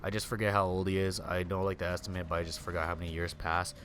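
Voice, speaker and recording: A man's voice: sits low, level tone, fast, fairly bright tone, slight background noise. A young adult man streaming a game, chatting casually with viewers in a rambling, slangy way. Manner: rambling, slangy, peppered with "dude" and "like". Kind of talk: casual gameplay chat.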